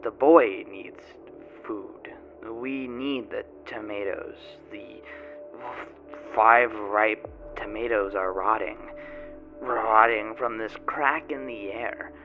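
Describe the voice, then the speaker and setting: A man's voice: lowish voice, slow pace, phone-quality sound. A man playing a boastful, grubby male tomato grower, telling his tale in a rambling folksy way with odd grammar, in a first-person character monologue. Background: music.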